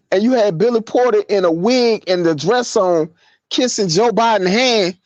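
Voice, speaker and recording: A man's voice: high-pitched, darkish tone, dry recording, highs cut off. A man in a casual podcast chat, talking earnestly and rambling with restarts.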